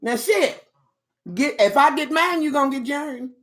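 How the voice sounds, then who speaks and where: A woman's voice: high-pitched, a little slow. A woman hosting a casual live stream, chatting in a sassy, bawdy way with laughing asides to her viewers.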